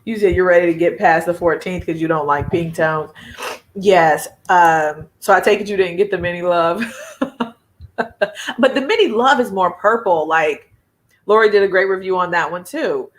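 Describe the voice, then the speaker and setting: A woman's voice: fairly low pitch, normal speed. A woman, hosting a casual beauty live chat, chatty and laughing often as she reads viewer comments.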